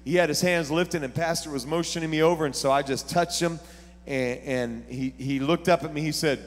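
A man preaching a sermon as pastor, telling stories and building to shouted preaching. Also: fairly high pitch, fairly quick, in a large hall, slight background noise. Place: church sanctuary.

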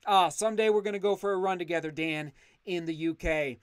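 Livestream host, male, effusive and excitable; smooth, resonant tone. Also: high-pitched, a little fast, no room sound, clean studio sound. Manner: excitable, effusive thanks, frequent restarts. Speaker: channel host reading live chat. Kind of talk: casual livestream chat.

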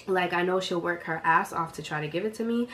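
A woman's voice: on the low side, a little fast, a little hiss or hum. Chatty young woman telling a story. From Boston area. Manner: animated, chatty, addresses viewers as y'all. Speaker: vlogger. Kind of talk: casual storytelling.

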